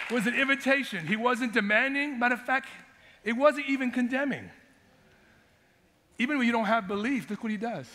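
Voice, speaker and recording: Male pastor, fiery sermon delivery, high bright voice, long church-hall echo. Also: lively intonation, a little fast, long pauses, some chatter behind, a little hiss or hum. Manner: impassioned preaching, swinging from shouts to quiet asides. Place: church sanctuary.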